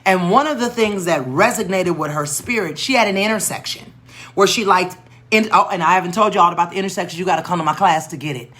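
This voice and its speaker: A woman who works as an educator and tutor shares a lively story from her teaching, doing the voices of the people involved. Her voice sits on the low side and is bright and forceful, and she talks fast.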